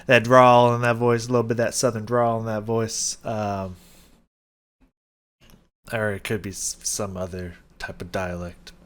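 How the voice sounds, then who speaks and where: A man's voice: lowish voice, flat delivery, measured pace. A man hosting a music reaction video, talking loosely with lots of fillers, laughs and casual swearing. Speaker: music reaction channel host.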